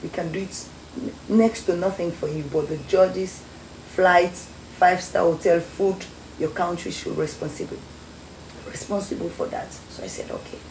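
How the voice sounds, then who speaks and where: A woman's voice: on the low side, fairly even intonation, moderate pace, darkish tone. A young Sierra Leonean woman telling her story as a guest, acting out the voices of people she quotes. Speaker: guest, former beauty queen. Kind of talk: storytelling interview. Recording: echoey studio with faint noise.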